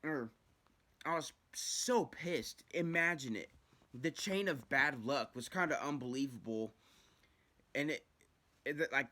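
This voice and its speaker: A young man telling a rambling, profane story about his own past in a casual vlog. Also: mid-range voice. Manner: profane, rambling, animated retelling.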